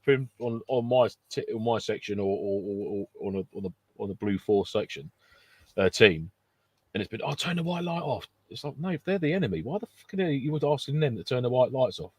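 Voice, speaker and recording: A man co-hosting a podcast, chatting casually with swearing, laughter and lively storytelling. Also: lowish voice, brisk, husky, no room sound. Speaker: podcast co-host. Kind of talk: casual banter.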